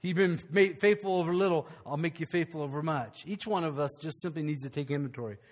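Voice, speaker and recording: A male pastor, preaching a conversational, animated sermon with frequent restarts. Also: on the high side, fast.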